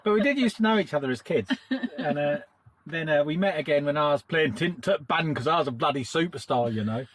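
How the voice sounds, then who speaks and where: A man's voice: a little high, a little fast, a little hiss or hum. A middle-aged man bantering cheekily in a casual vlog. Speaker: vlogger. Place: outdoors by a narrowboat.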